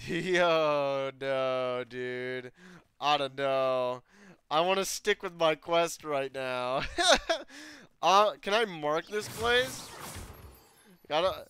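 A man casually commenting as he plays a video game, excitable and swearing often, laughs and bursts into sudden loud outbursts. His voice is a little high and smooth, and he speaks very slowly.

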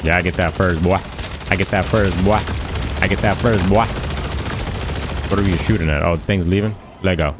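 A gaming streamer with a low-pitched voice talks at normal speed, leaving long pauses, in a very noisy recording with game gunfire behind him. His commentary is playful and casual, and every so often he sings along, chanting the same lines over and over.

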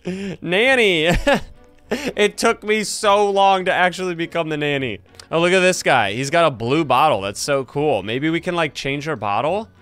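A young man hosting a gaming channel, giving excited play-by-play commentary and yelping and laughing at scares. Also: sits high, clean tone. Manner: jumpy, yelps and laughs at scares.

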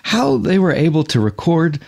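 A man co-hosting a comedy podcast, talking in a deadpan, overly earnest, mock-defensive way into a studio microphone. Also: fairly high pitch, normal speed, vocal fry. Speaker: podcast co-host.

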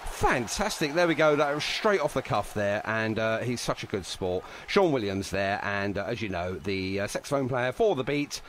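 A man's voice: fairly low pitch, expressive, moderate pace, few pauses, a bit bright, slight background noise. A man hosting a radio show, talking in a chatty, enthusiastic way with lots of fillers. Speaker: radio host. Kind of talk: casual radio chat.

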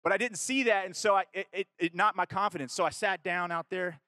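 Kentucky-raised guy giving a youth talk, fairly high voice, dry close sound, acts out the dialogue. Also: a little fast, no echo. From Kentucky, USA. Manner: animated storyteller who acts out dialogue; casual, with fillers and self-corrections. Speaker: youth conference speaker. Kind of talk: storytelling talk to a youth audience.

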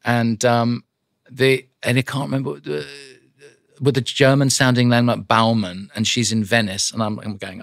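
A man, an audiobook narrator and voice actor, chatting as a guest in a studio interview and telling animated stories with quick character voices. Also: medium pitch, gravelly, no room sound. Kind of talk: casual studio interview chat. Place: podcast studio. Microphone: studio microphone.

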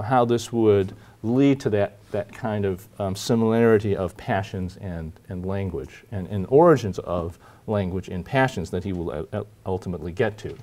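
Halting male university lecturer. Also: medium pitch, darkish tone. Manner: halting, many fillers and restarts; reads quoted passages slowly.

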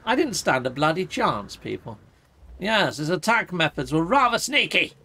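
A man's voice: on the high side, big pitch swings, moderate pace, sharp tone. A man giving chatty live commentary while playing a game, with mild mock-swearing and asides to his viewers. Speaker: gaming streamer.

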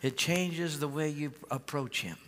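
A man's voice: on the high side, measured pace, fairly bright tone, soft background music. A male pastor preaching a sermon in a large church, folksy and conversational, often repeating his starts. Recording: long church hall reverb.

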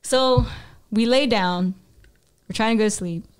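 A woman's voice: fairly high pitch, clear, resonant tone. A woman telling a story in a casual chat, acting out her own quotes with bursts of speed and laughter. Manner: animated, fast bursts and acted-out quotes, laughing. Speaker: podcast guest.

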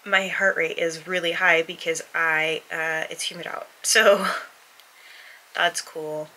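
A woman chats to her vlog audience from home, a little out of breath. Her voice sits on the low side but sounds bright and forward. She rambles and circles back with lots of fillers and restarts. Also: fairly even intonation, a little slow, a little hiss or hum, low-quality recording. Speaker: book vlogger. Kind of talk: casual vlog chat.

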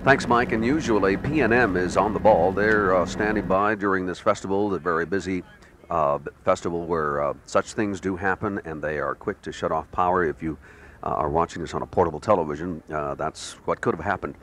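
Deep-voiced jovial male news anchor. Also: fairly quick, a bit bright, slight background noise. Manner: chatty, jovial. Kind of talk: live event coverage. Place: outdoors at a festival field.

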